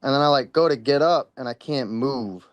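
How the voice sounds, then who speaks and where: Brief: male caller, mid-pitched, smooth tone, casual rambling storyteller, a bit shaken. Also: normal speed, no echo. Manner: rambling, full of "like" and "you know," swears freely. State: a little worked up. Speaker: caller sharing a paranormal experience.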